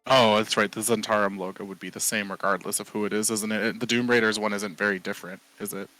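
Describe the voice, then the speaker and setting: A man plays his character in a tabletop game with wry, teasing banter. His voice sits low, and the sound is dry and close with faint music underneath. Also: fairly even intonation, fast, sharp tone, no room sound, rough recording. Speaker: player. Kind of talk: in-character tabletop role-play.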